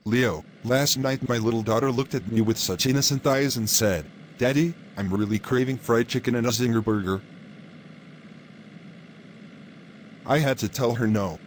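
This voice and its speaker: A man's voice: mid-range voice, a little fast, hardly any pauses, a little hiss or hum, lightly acted. A man voicing a cunning tenant, sweet-talking to his face and smug behind his back. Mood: pleading. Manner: flattering in public, gloating in private. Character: scheming male tenant faking poverty, sly.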